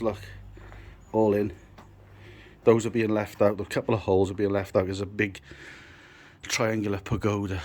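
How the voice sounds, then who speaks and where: A man's voice: fairly low pitch, a little mellow, a little hiss or hum. A British man, a builder and landscaper, hosting a casual vlog outdoors on a garden building site, teasing his workmate and chatting through a phone camera. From United Kingdom. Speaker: builder and landscaper, channel host. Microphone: phone camera held by the speaker.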